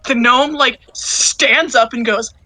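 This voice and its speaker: Woman gm narrating a tabletop game, bright voice, dry close sound. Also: fairly high pitch, slow, no room sound, rough recording. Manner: casual, laughing, with many fillers. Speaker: game master.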